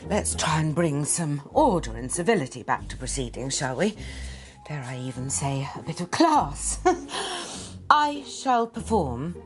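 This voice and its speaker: A woman's voice: sits low, sing-song, a little slow, over music. An actress playing a snooty woman who hosts a family quiz over a video call, pompous, proper and sarcastic. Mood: prim. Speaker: family member hosting a quiz round.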